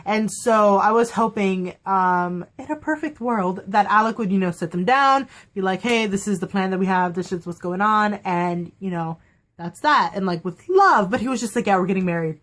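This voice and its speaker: A young woman chatting casually on her vlog, excitable and quick to laugh, acting out quotes as she goes. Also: medium pitch. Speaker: vlogger reviewing a TV episode. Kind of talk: casual chat.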